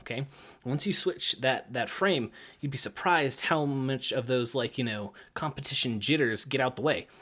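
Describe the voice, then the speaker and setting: A gymnastics coach, a young adult man, casually addresses the camera on the topic of coaching at a moderate speed. Upbeat and filler-heavy, he shifts into higher voices whenever he quotes the kids.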